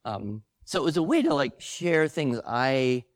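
Older man, co-host, relaxed conversational delivery, dry sound. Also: mid-range voice, a little slow, no echo. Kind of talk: casual conversation before a live audience.

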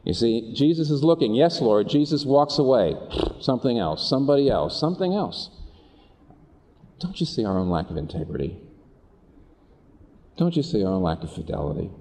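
A man's voice: mid-range voice, moderate pace, long pauses, a little hiss or hum. Man preaching in a reverberant hall. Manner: earnest, animated preaching with rhetorical questions. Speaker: pastor. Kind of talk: sermon.

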